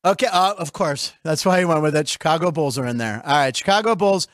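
A middle-aged male host from Pittsburgh with a notably high voice, recorded dry and close. He rambles through a casual comedic chat, tossing out jokes and quick asides. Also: fairly bright tone, no echo.

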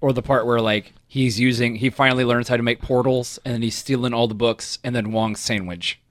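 A man co-hosting a casual film discussion, animated and quick to laugh. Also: mid-range voice, dry recording. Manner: lively, laughs often.

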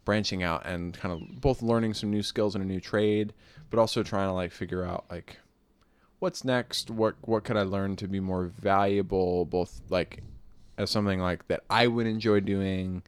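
A man's voice: low voice, fairly even intonation, normal speed, smooth, no room sound. A young man co-hosting a podcast, talking casually and rambling with lots of fillers and restarts. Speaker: podcast co-host. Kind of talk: casual chat.

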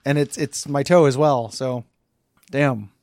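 A man with a scratchy, hoarse voice co-hosting a comedy podcast in easygoing chat. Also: mid-range voice, unhurried, darkish tone, no room sound, studio quality. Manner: easygoing, plays along with jokes. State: hoarse from karaoke. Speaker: podcast co-host.

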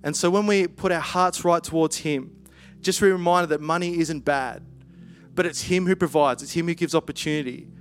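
A man preaching in a relaxed, conversational way, full of playful asides. His voice sits high for a man, and soft music plays faintly underneath. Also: normal speed. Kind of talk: sermon.

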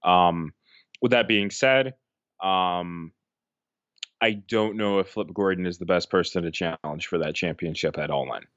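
A man's voice: low voice, measured pace, fairly bright tone, no room sound, highs cut off. A man co-hosting a podcast in casual chat, rambling with many fillers and restarts. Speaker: podcast co-host.

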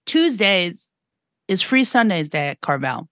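A woman's voice: fairly low pitch, big pitch swings, a little slow, a bit bright, dry recording. Co-host, woman, reporter, chatty and self-deprecating, dry close sound. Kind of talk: casual political chat.

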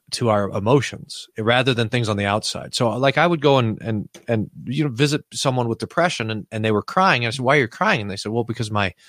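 Heard in clean studio sound with no echo, this man's mid-range voice belongs to a pastor guesting on a podcast. He's reflective, shares stories from his pastoral work during the interview, and frequently starts his sentences over.

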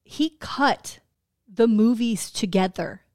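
A woman co-hosting a casual podcast, quick to laugh and free with the swearing. Her voice sits a little higher than most, and she rattles through retellings of scenes with a loose, joking energy. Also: darkish tone, no room sound, studio quality. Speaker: podcast co-host. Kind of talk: casual chat.

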